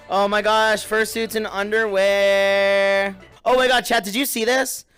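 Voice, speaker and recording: A man's voice: high voice, level tone, measured pace, a bit bright, soft background music. A young man in casual livestream chat, giggling often and talking straight to his viewers. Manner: giggly, chatty, addresses viewers.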